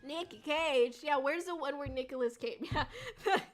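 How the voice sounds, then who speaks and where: High-pitched woman vtuber rambling to chat, swears a lot, faint music behind. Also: normal speed. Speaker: VTuber streamer. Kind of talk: casual livestream chat.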